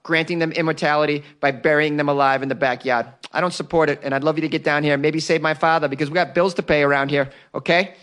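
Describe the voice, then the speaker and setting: A man's voice: fairly high pitch, a bit bright, close to an everyday voice. Man doing a frantic Boston daughter calling police. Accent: Boston (put on).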